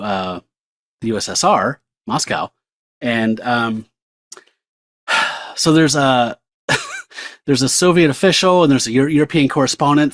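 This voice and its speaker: A man co-hosting a podcast, casually summarizing and reading a comic book aloud, joking along. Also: medium pitch. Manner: easygoing, joking, reads comic panels aloud. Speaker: podcast co-host.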